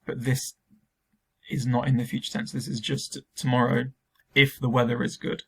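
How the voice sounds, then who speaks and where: Young male teacher recording a remote lesson, gravelly and flat, relaxed with frequent ums. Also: mid-range voice, moderate pace. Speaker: school Spanish teacher.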